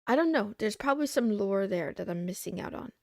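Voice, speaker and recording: A young woman streaming, chatting casually and rambling as she browses, thinking out loud and trailing off. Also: mid-range voice, expressive, a little fast, no echo, studio quality. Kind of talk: casual livestream chat.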